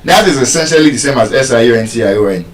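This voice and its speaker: Nigerian teacher drilling word stress. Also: male voice, medium pitch, expressive. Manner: drawn-out repeated words. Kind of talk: live pronunciation lesson. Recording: echoey room, far from mic.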